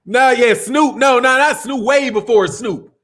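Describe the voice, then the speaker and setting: A man's voice: very high-pitched, measured pace, a bit bright. A middle-aged man from Chicago hosting a boxing live stream in a loose, slangy, casual chat, laughing often. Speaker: boxing channel host.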